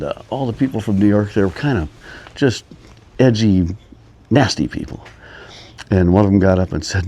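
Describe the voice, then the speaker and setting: A man's voice: lowish voice, warm tone. An older man telling rambling personal stories in a casual, meandering way, chuckling often. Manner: meandering, chuckling, many pauses. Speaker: storyteller. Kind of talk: casual storytelling.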